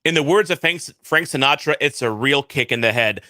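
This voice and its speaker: A man's voice: medium pitch, pushed and bright, dry recording. A man hosting a podcast in a casual chat, who reads ads loosely and stumbles over lots of "uh" fillers. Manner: halting, many "uh" fillers. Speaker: podcast host.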